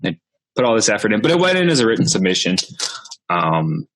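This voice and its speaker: Young farmer guest, low-voiced, animated storyteller who laughs often and mimics voices. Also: male voice, fast talker. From Manitoba, Canada. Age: young adult. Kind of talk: casual storytelling.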